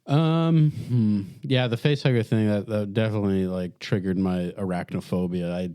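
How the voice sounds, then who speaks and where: Low, smooth-voiced hesitant man. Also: normal speed, warm tone, no echo, clean studio sound. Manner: hesitant with restarts. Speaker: podcast co-host. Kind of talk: casual chat.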